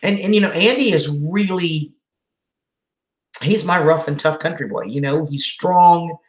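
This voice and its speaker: A woman's voice: low voice, measured pace, darkish tone, roomy sound. A woman hosting a casual live chat, emotional as she answers viewer comments. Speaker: channel host doing a live chat.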